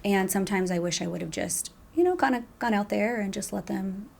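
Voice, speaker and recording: A young woman guest speaking softly and reflectively in an interview, laughing now and then between thoughts. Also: medium pitch, a little fast, gravelly. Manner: soft-spoken, reflective, laughs often. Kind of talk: emotional interview conversation.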